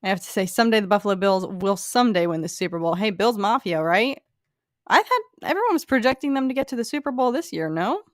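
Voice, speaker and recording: A woman's voice: medium pitch, fast, dry recording. Chatty young woman, dry close sound. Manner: chatty, animated, filler-heavy. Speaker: streamer answering chat. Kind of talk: casual chat.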